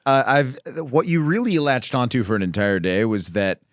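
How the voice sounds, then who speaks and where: A man's voice: mid-range voice, very animated, normal speed, no echo, studio quality. Teasing man riffing on a podcast. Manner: teasing, mock-interrogating. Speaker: podcast co-host. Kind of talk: casual comedic podcast chat. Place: podcast studio. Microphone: studio microphone.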